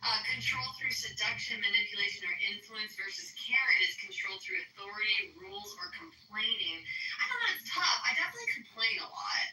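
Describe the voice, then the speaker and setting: A woman talking in a casual group chat, musing and reading answers aloud. Her tone is bright and edgy. She sounds distant in a reverberant room. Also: mid-range voice, big pitch swings, fairly quick, slight background noise. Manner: musing, reads aloud from a chatbot. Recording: roomy, distant-mic recording.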